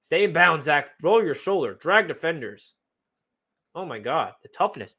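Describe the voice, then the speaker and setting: A young man excitedly breaking down game film as a fan analyst, talking in a slangy way full of exclamations. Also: a little high, moderate pace, husky.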